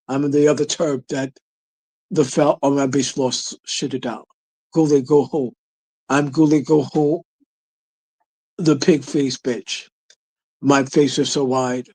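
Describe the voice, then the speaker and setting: A man's voice: medium pitch, dry recording, poor audio. A man doing a mocking impression of a self-loathing, slovenly woman, stammering and mumbling through her confessions.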